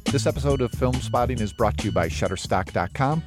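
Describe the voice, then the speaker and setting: A man co-hosting a film podcast, talking in a relaxed, conversational way and reading ads. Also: mid-range voice, fairly quick, over music. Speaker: podcast co-host. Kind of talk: casual film talk and ad reads.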